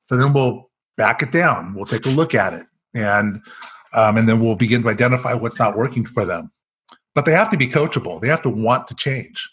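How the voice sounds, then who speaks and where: A man's voice: medium pitch, a little fast. A man with an American accent, an executive coach telling stories in an interview, acting out the dialogue. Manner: animated storyteller acting out quoted dialogue. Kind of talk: storytelling in a podcast interview.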